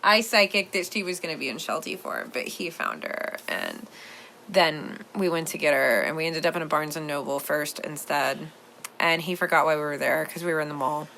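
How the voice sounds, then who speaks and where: A woman's voice: low voice, lively intonation, normal speed, gravelly, pushed and bright, a little hiss or hum. A woman hosting a podcast in casual chat, rambling playfully with lots of "like" fillers. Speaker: podcast host.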